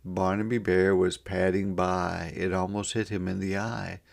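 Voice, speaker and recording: A man reading a rhyming children's picture book aloud in a gentle, sing-song manner. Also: low voice, little pitch movement, a little slow, creaky. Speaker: storybook reader. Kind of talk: children's read-aloud narration.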